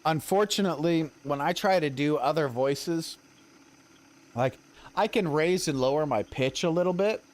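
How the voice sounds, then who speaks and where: A man's voice: on the high side, moderate pace. A young man with a Western American accent, chatting casually and rambling a little as he streams a game. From Colorado. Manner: rambling, chatty, self-deprecating.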